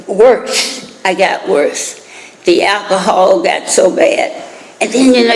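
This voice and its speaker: An older American woman telling her personal recovery story at a meeting, chatty and laughing through asides. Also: mid-range voice. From United States. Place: meeting hall. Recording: reverberant hall.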